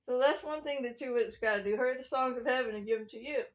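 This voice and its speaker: A self-styled prophet, a woman with a slightly high voice, talks fast through a meandering religious testimony. She sounds preachy and chuckles between her thoughts.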